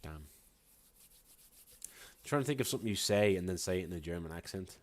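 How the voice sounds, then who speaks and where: A man's voice: low voice, expressive, brisk, slight background noise. A man streaming a speedrun, chatting casually with his viewers between moves and sounding tired. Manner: chatty, rambling, answering chat between moves. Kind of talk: casual live-stream chat while gaming.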